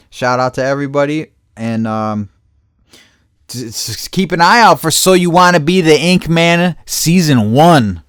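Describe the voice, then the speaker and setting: A man's voice: mid-range voice, clean tone, no room sound, studio quality. A man hosting a casual chat show, talking loosely, swearing often and laughing between thoughts. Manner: loose, profane, laughing asides. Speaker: podcast host.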